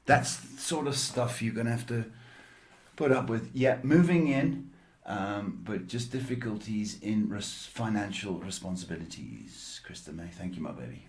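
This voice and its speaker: Slow, rambling man giving psychic advice. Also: lowish voice, animated. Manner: slow, rambling, many fillers, calls callers "baby". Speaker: psychic reader and show host. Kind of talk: livestream reading and advice.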